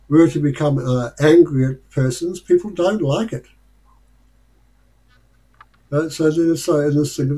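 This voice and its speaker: An Australian man with a fairly high, warm voice tells stories on a rough recording. Sharing life lessons, he rambles casually and chuckles often.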